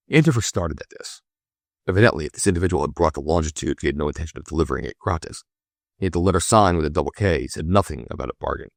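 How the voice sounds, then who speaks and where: A man narrates a classic adventure novel for an audiobook, taking his time over each phrase. His voice sits very low and the recording is dry, with no room sound at all. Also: expressive, gravelly, dry recording. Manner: measured, deliberate storytelling.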